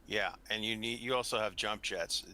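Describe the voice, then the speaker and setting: A man's voice: fairly low pitch, steady tone, normal speed, sharp tone, slight background noise. A man playing a tabletop game, chatting casually and stumbling over his words. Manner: hesitant, repeats words. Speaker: player.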